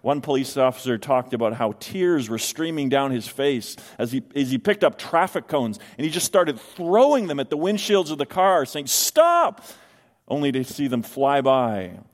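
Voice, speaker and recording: A middle-aged man, a pastor, preaching a sermon with slow, emphatic stresses in a church sanctuary. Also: mid-range voice, darkish tone. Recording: long hall reverb.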